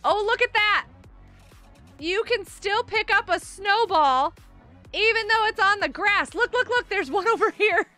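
Bubbly high-voiced woman streamer. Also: measured pace, faint music behind. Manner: bubbly and excitable, often laughing and gasping; greets viewers by name as she plays. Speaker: game streamer. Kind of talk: live-stream gameplay chat.

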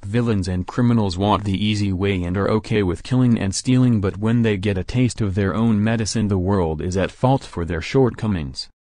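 A masked young vigilante who speaks with cold contempt, as a man reads his part in a fan story. The voice is low and recorded dry and close. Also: normal speed, few pauses, mellow, dry recording, natural voice. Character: cold young male vigilante behind a mask.

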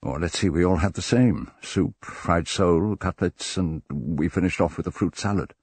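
A man voicing a shaken, frantic young gentleman in an audiobook, halting and unsteady. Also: sits low, husky, dry recording. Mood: anxious.

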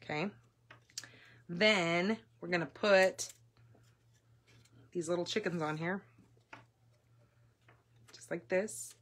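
Woman, live craft demo, gushing and chatty, fairly low voice, camera mic at a work table. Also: slow pace, pauses often, slightly rough. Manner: chatty, gushing, excitable with fillers. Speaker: papercraft demonstrator hosting a live class. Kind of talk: casual live craft demonstration.

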